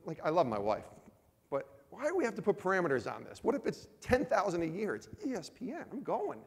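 A man in his forties from the Northeast US shares his personal testimony at a men's ministry event, telling it animatedly and acting out both sides of his conversations. His voice sits high and is gravelly with a breathy edge, he talks fast, and the audio has a big-room sound.

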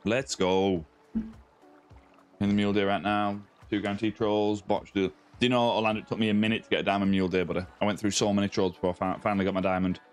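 An Australian man with a fairly low voice chats loosely through a game live stream, greeting viewers one after another as mate and buddy. Faint music plays underneath from his home setup. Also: flat delivery, fast, clear, resonant tone. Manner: friendly, greets viewers by name, calls them mate and buddy. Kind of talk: casual live-stream chat reading viewer comments.

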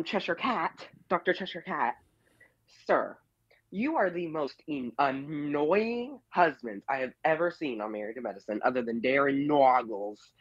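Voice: medium pitch, dry recording. A caller giving a casual, blunt and opinionated rant about reality TV, scolding the cast members directly. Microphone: phone or online call-in. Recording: muffled call-in line.

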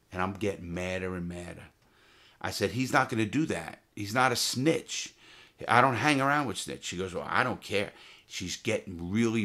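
A former jewel thief telling his prison stories in a casual, profane, animated way, full of restarts. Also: low voice. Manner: profane, animated, heated retelling with many restarts. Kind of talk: casual storytelling to camera.

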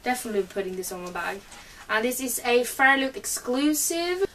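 A woman's voice: a little high, lively intonation, moderate pace, bright, forceful tone, far from the mic, a little hiss or hum, low-quality recording. A woman with a cold, chatting eagerly as she unboxes items at home for her channel. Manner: chatty and eager, many fillers. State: has a cold. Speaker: book vlogger. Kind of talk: casual unboxing chat.

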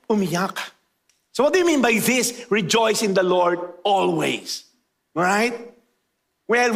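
A man with a Filipino accent preaching a sermon as pastor, joking with the congregation and slowing down to stress key phrases. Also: high-pitched, fairly bright tone. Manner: mixes English and Tagalog, playful asides to the congregation.

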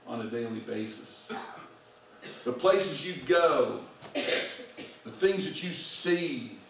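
A man's voice: a little high, slight background noise. A male pastor preaching a sermon to his congregation, asking them direct questions. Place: church sanctuary. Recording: very echoey church recording from far off.

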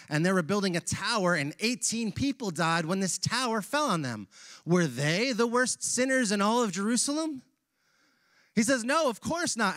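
A male pastor preaching a sermon in a church, casual and animated, using slang as he retells a Bible passage. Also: sits high, no room sound, clean studio sound. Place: church sanctuary.

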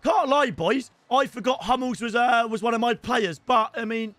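Young man, high voice, bright, excitable streamer commentary, hype then groans. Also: moderate pace, dry recording. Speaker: gaming streamer. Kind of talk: live gameplay commentary.

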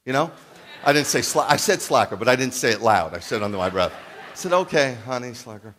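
A man in his fifties preaching as a rabbi, telling stories with jokes and acting out the dialogue in an animated sermon. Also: lowish voice, fast. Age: 50s. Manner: animated, jokey, acts out quoted dialogue. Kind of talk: humorous storytelling sermon.

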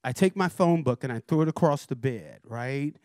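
A man, a record producer and guest speaker, telling a lively story at a university forum, acting out voices and chuckling often. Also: medium pitch, moderate pace, dry recording, clean studio sound. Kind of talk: animated storytelling talk.

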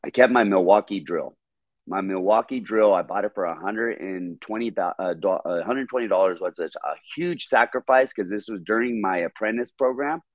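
A man guest on a podcast telling a story in a casual, animated, profane way, repeating words when excited. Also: on the low side, moderate pace, no room sound, muffled recording.

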